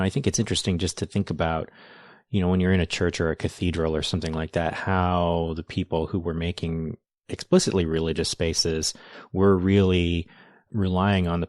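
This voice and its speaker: A man with a very low voice hosts a relaxed interview. He speaks thoughtfully and hesitantly, often restarting a sentence before he finishes his point, and the sound is dry. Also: no echo. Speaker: podcast host. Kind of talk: casual interview conversation.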